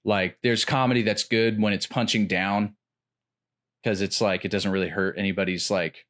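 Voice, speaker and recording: A man chatting casually about comedy, rambling with lots of filler words and getting animated when he retells jokes. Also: lowish voice, moderate pace. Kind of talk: casual chat.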